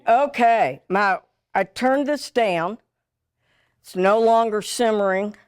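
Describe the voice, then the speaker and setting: A woman's voice: mid-range voice, takes it slowly, a little mellow, clear, resonant tone, no echo. A middle-aged woman hosting a TV cooking demonstration, chatty and folksy, joking as she works in a studio kitchen. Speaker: TV cooking show host.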